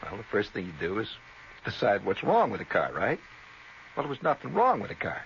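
Male radio storyteller with a lowish voice, rambling and chatty. Old, slightly muffled radio sound. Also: huge pitch swings, a little fast, vocal fry, a bit bright. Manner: conversational, full of asides and tag questions. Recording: slightly dull old radio recording, faint hiss.

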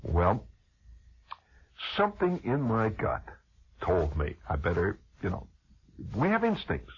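A man's voice: lowish voice, takes it slowly, slightly rough. A man telling a rambling, humorous childhood story as a conversational radio monologue, with a dull lo-fi radio sound. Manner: animated, conversational, digressive.

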